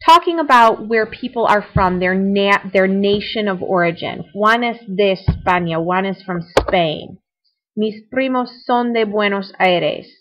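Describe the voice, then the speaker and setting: Young woman teacher, mid-pitched, narrating a screencast lesson, chatty and repetitive explanations. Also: unhurried, dull audio. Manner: explanatory, repeats points, conversational asides. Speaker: Spanish teacher. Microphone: computer mic for screencast.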